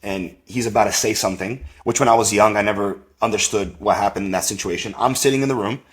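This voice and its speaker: A man, a podcast guest, tells a personal faith story in a rambling, animated way, with lots of fillers and acted-out quotes. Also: fairly low pitch, fast. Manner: rambling, full of "like" and "you know"; animated, acts out quoted voices.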